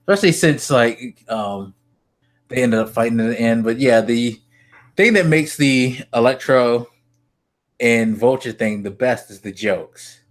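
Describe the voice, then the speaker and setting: A man co-hosting a casual gaming podcast, talking excitedly with lots of swearing and fillers. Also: on the low side. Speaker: podcast co-host.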